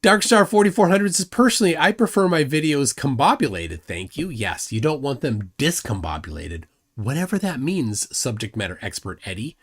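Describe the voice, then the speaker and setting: A man's voice: medium pitch, sing-song, moderate pace, hardly any pauses. A man hosting a live stream, arguing combatively and mocking his opponent while reading chat comments aloud. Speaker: livestream host.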